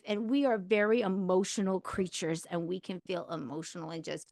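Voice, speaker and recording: A woman's voice: on the low side, fairly even intonation, brisk, a little mellow, dry recording. A woman in her thirties hosting a podcast, giving candid, chatty advice with lots of fillers. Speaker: podcast host. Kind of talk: casual advice monologue.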